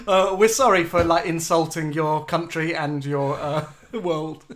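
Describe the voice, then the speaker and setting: A man's voice: a little high, fairly even intonation, takes it slowly. A man, co-hosting a casual live show and telling chatty, self-mocking stories between viewer comments. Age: 40s. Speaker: co-host of a live online show.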